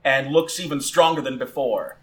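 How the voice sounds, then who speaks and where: A man's voice: medium pitch, moderate pace. A man narrating a tabletop game as game master, with loose, restarting delivery and fillers.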